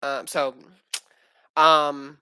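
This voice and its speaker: Young man with a bright, slangy ramble. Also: a little high, level tone, very slow, smooth, no echo, rough recording. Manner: slangy, profane, rambling with many fillers. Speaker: aspiring MMA fighter streaming. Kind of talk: casual livestream chat. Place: at home with his young son.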